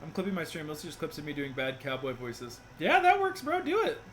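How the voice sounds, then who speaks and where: A man's voice: on the high side, huge pitch swings, fairly quick, a crowd in the background. A young man giving casual, joking commentary while streaming a game, laughing often.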